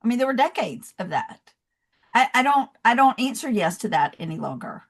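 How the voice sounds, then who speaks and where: A woman with a Southern US accent, a podcast guest who talks in a lively way and acts out little scenes in voices. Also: on the high side, normal speed. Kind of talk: conversational interview.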